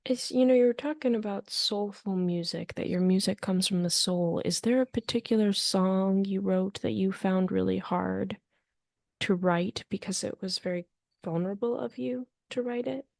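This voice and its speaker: A woman's voice: medium pitch, moderate pace, creaky, a little mellow, no room sound, clean studio sound. A woman interviewer asking long, chatty questions in an encouraging, rambling way.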